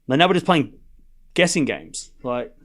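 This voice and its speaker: With a mid-range voice, wide pitch swings and a moderate pace, this young Australian man hosts a laid-back live tennis stream. He chatters and wanders off topic, coming back to call the score.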